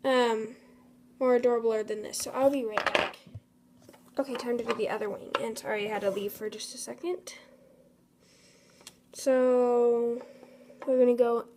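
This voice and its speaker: Chatty young woman with a high voice. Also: fairly even intonation, unhurried, pauses often. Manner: chatty, apologetic, talks to her materials. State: a bit out of breath. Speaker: craft tutorial host. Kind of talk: casual craft tutorial. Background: faint storm noise.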